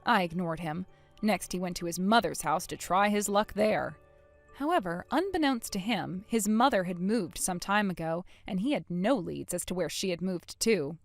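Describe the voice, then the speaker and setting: A woman narrating a first-person story in a measured, matter-of-fact way. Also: fairly low pitch, animated. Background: soft music.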